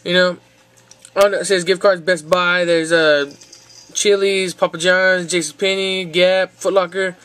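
Rambling high-voiced man. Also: level tone, measured pace, a bit bright, clear, resonant tone. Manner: rambling, repeats himself, says y'all. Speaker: vlogger. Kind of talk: casual vlog chat. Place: outdoors in hot weather.

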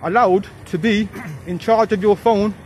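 A man's voice: sits high, measured pace, a little mellow. A man filming his own confrontational street vlog as a fathers' rights activist, firing off taunting questions. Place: outdoors on a street.

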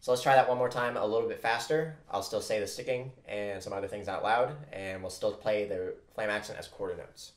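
Patient lower-voiced man teaching drums. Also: fairly quick, hardly any pauses, loud music behind the voice. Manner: patient, encouraging, counts off and calls stickings aloud. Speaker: percussion instructor. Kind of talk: instructional drum lesson. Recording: echoey room with loud drumming.

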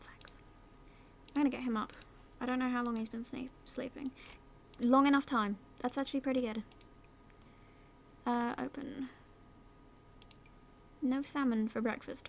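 A young British woman, a gaming YouTuber, talks through a life-sim game as casual let's-play commentary. In a high, creaky voice over slight background noise, she commands her characters, drifts into whispers and silly voices, and swears lightly.

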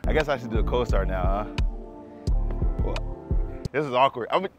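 A man's voice: mid-range voice, moderate pace, muffled recording, music in the background. Hyped young man vlogging cars. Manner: hyped, slangy, excitable. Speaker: car vlogger. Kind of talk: casual car vlog. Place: outdoors by cars, then inside a car.

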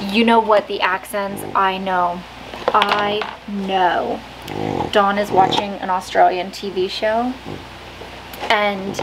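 A woman's voice: medium pitch, creaky. A woman vlogging at home in a casual, chatty way, often laughing and poking fun at herself. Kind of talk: casual vlog chat. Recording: noisy home recording.

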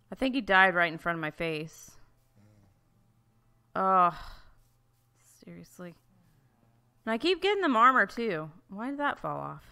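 A woman's voice: on the low side, sharp tone, clean tone. A woman hosting a let's-play, chatting casually through her gameplay, easily flustered and full of exclamations and restarts.

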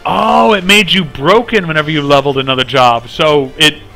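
Bright-voiced chatty male game streamer. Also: a little high, normal speed, gravelly. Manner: rambling, chatty, hums tunes and laughs often. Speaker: live-streaming game host. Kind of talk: casual game live stream chat. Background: faint game music.

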